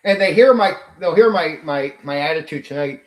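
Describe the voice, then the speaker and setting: A man's voice: fairly high pitch, animated, moderate pace, echoey room. A man hosting a tabletop gaming stream, ranting bluntly and profanely at his chat. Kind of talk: livestream rant.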